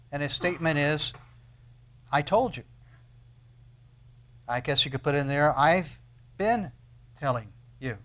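Man, sermon, fairly high voice, emphatic, slow stressed phrases, repeats key words. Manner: emphatic, with slow stressed phrases and sudden drops to a low soft voice. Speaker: preacher.

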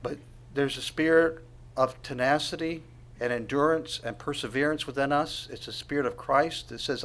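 A man preaching a sermon, asking the congregation questions and swinging from quiet asides to loud proclamation. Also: mid-range voice, fairly even intonation, moderate pace. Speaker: pastor.

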